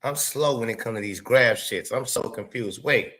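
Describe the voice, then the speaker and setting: A man hosting a show, giving loose, excitable live reaction commentary with lots of swearing and laughing asides. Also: mid-range voice, moderate pace. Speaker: show host.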